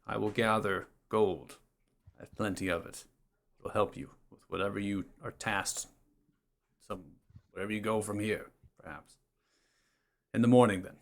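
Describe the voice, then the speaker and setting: A man voicing a proud male city lord who speaks in a formal, measured and commanding way. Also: on the low side, natural voice.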